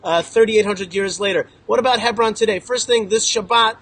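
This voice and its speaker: A man stands outdoors in front of a visiting group and tells stories in an emphatic, joking way, hammering his points with repetition. His voice sits very high and has a husky edge. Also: brisk, a bit bright, poor audio. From Israel. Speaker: local spokesman speaking to a visiting group. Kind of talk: animated storytelling talk to a group. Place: outdoors in a town.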